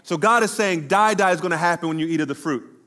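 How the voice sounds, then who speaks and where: A middle-aged pastor preaching a sermon to his congregation, slowing down and drawing out words for emphasis. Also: a little high, a bit bright. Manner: preaching to a congregation, addressing the room directly; slows down and draws out words for emphasis.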